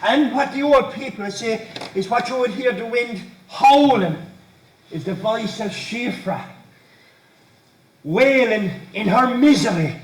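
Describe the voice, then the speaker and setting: An actor playing an odd, brooding young Irish countryman who repeats himself when frightened, on stage. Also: extremely high pitch. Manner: halting, repeats words, fearful. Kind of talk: amateur stage play. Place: stage in a hall. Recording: echoey hall from far off.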